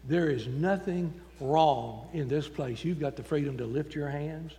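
A man's voice: on the high side, measured pace, dark tone. A man preaching a folksy, emphatic sermon in a church. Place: church sanctuary. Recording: long church reverb.

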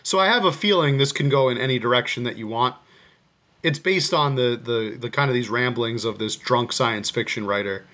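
A man's voice: medium pitch, moderate pace, bright, forceful tone. A man co-hosting a podcast over a video call, chatting in an easygoing, talkative way. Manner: easygoing, chatty, laughs easily. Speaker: podcast co-host. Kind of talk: casual chat.

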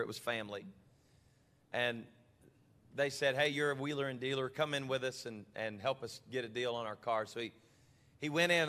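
A male pastor telling stories in a sermon, then building to passionate shouted preaching in a church. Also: medium pitch, in a large hall.

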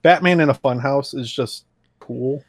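A man's voice: medium pitch, measured pace, breathy edge, no room sound. A man in casual chat, enthusiastic and swearing, reading passages aloud in a half-acted voice. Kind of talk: casual chat about a comic book.

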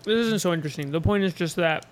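A man's voice: fairly high pitch, fast talker, a little hiss or hum. A man co-hosting a casual chat, telling travel stories in a rambling way with many restarts. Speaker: podcast co-host.

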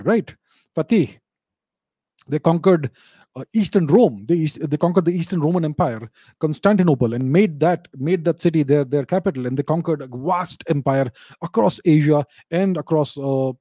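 A man answering viewer questions in an unscripted explanatory talk, measured, often repeating and restarting phrases. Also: on the high side, warm tone, husky, no echo.

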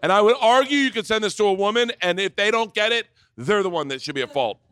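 Loud rambling man telling stories. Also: sits high, lively intonation, fast, clear, resonant tone, no room sound, studio quality. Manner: loud, rambling, swearing, laughing storyteller. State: tipsy. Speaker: podcast host. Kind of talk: live podcast comedy storytelling. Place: brewery stage before a live audience.

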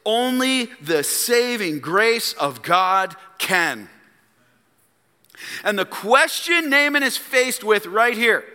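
A man preaching a sermon as a pastor, emphatic and full of rhetorical questions and dramatic pauses. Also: high-pitched, bright, forceful tone, smooth, long reverb tail. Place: church sanctuary.

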